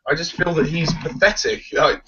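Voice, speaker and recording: A man's voice: a little high, steady tone, normal speed, noisy background. A man giving his blunt, opinionated take on a film in a casual discussion. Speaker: film reviewer. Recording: dull lo-fi recording.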